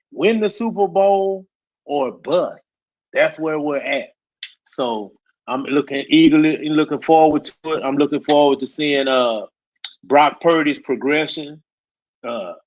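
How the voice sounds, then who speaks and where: A man on a sports podcast panel, talking in a laid-back, casual way that often repeats words and tags lines with "man". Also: on the high side. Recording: dull lo-fi sound.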